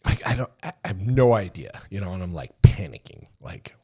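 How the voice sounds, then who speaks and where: A man in his fifties, a former Army Ranger, casually telling stories from his training in a loose, profane way and acting out old exchanges in hushed asides. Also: low-pitched, expressive, brisk, husky. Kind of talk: casual storytelling.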